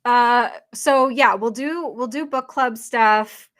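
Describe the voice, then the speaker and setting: A woman's voice: fairly high pitch, slow pace, fairly bright tone. A woman hosting a casual livestream, talking chattily and rambling with lots of fillers into her computer mic. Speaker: livestream host.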